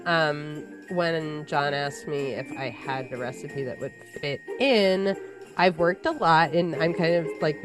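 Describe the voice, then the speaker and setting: A woman, a guest mixologist, chatting casually and laughing easily. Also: sits low. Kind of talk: casual chat.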